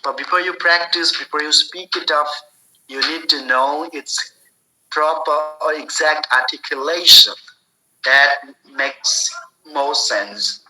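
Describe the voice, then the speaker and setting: A man giving a spoken English lesson, explaining slowly and deliberately, often repeating and restarting his phrases. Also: a little high, bright, forceful tone, poor audio. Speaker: English teacher.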